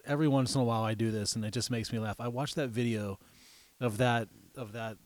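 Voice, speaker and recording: A man's voice: mid-range voice, steady tone, quick pace, no room sound. Laid-back man chatting, laughing readily. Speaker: podcast co-host. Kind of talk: crude casual chat.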